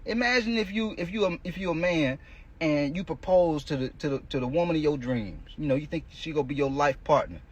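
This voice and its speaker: A man's voice: a little high, brisk, husky. A male coach hosting a podcast, giving a blunt, profane motivational monologue in casual street talk.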